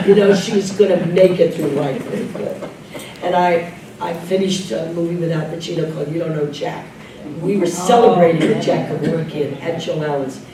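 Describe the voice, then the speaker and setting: An older actress telling lively backstage stories as an interview guest, laughing often and mimicking others. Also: female voice, lowish voice. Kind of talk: anecdotal storytelling Q&A. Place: club room with live audience. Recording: echoey room, distant mic, background noise.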